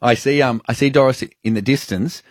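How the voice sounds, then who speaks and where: A man's voice: mid-range voice, a little fast, no echo, studio quality. A man, co-hosting a radio show, telling a story with animation and frequent laughter. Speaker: radio co-host. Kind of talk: casual radio chat, storytelling. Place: radio studio.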